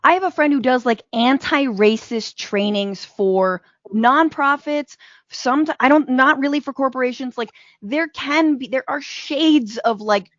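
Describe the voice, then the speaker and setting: Quick, jokey woman on a dry call line. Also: a little high, no echo, dull audio. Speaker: podcast guest. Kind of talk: casual political discussion.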